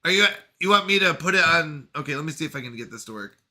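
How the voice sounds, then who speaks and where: Bright-voiced, playful male streamer. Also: fairly high pitch, animated, fast talker. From Canada. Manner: playful, chatty, reads chat messages aloud, jokes about pronunciation. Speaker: live streamer reading chat. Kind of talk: casual live-stream chat.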